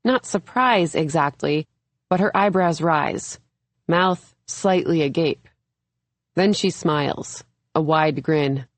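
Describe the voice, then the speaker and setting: A young adult woman reading a first-person thriller audiobook in a measured, even storytelling manner. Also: sits low, dry recording. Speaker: audiobook narrator. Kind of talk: scripted first-person narration.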